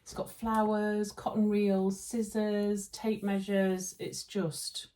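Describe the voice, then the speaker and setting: A woman's voice: mid-range voice, flat delivery, slow pace, mellow. A Yorkshire woman in her thirties chatting to camera about sewing and gifts she has received, gushing and chatty. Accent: Yorkshire English. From Yorkshire, England. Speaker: sewing vlogger. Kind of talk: casual chat to camera.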